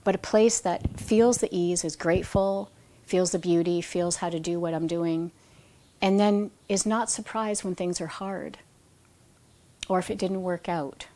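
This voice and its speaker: A woman with a slightly low voice reads from her own book in a reflective, conversational way. She drifts from the text into personal stories and often restarts her phrases mid-thought. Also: fairly even intonation, unhurried, dark tone. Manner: self-correcting, restarts phrases. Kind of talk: book reading with spontaneous asides.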